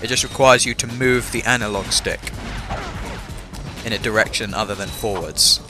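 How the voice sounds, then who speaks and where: A let's-play recording with game music: a young Englishman with an English accent and a fairly low voice chats at a normal speed. He has a bit of a cough and keeps up a chatty, filler-laden, self-mocking commentary.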